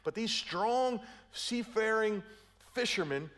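A middle-aged man with a high, a bit bright voice preaches a sermon at a slow pace, expressive throughout. He tells stories playfully, acts out quotes, and keeps checking in with "right?"

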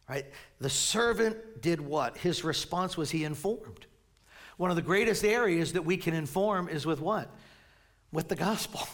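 A middle-aged male pastor preaching a sermon in a conversational, animated way, with frequent stammered restarts. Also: a little high, vocal fry.

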